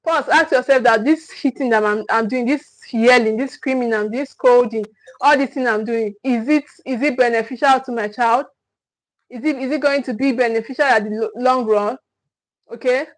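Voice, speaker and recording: A woman's voice: on the high side, normal speed, poor audio. A woman with a Nigerian accent giving a live-stream talk as a parenting coach, repeating key points with emphasis. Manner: repetitive, emphatic, thanks viewers often.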